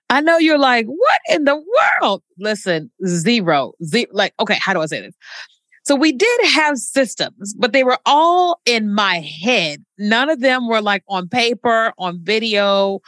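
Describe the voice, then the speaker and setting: A woman in her thirties hosts her own podcast, chatting in a lively, colloquial way and leaning hard on the words she wants to land. She sits at a middle pitch for a woman. The sound is dry and close to the mic. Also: no echo. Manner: chatty, emphatic, colloquial storytelling. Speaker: podcast host. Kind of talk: casual solo podcast talk.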